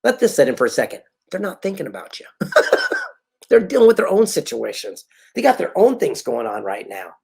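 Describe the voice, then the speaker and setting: A middle-aged man giving an animated motivational talk, telling stories and acting out quoted dialogue. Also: sits high, moderate pace, gravelly, breathy edge. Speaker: motivational speaker.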